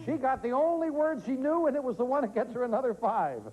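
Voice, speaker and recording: A man hosting a quiz show, reading questions and joking with contestants in quick patter, on a noisy 1980s TV tape. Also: very high voice, lo-fi sound. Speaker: game show host.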